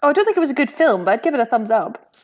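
A woman in a casual chat over a video call, laughing often and chiming in. Her voice sits a little high and moves a lot. It has a slightly breathy edge. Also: sing-song, a little mellow. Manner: giggly, quick to laugh and agree.

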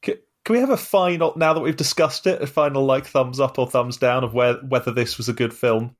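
A man in casual conversation over a video call, leading a film club chat. He talks at a middling pitch with wry, sarcastic humour. His voice comes through a laptop microphone. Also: fairly quick.

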